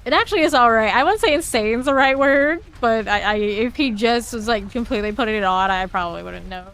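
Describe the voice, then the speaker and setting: Gravelly-voiced woman with a light Southern drawl. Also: fairly high pitch, animated, fast talker, a bit bright. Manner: chatty and self-teasing, talks to chat while playing, laughs often. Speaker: streamer. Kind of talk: casual gameplay commentary, chatting with viewers.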